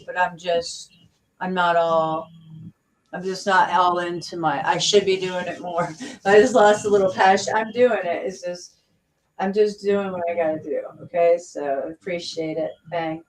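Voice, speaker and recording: A woman's voice: on the low side, fairly even intonation. A woman chats casually on her livestream, rambling and restarting her sentences. She sits a little back from the mic, and a faint hiss runs under her voice. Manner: rambling, halting, many restarts. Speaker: livestream host. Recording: distant mic with faint noise.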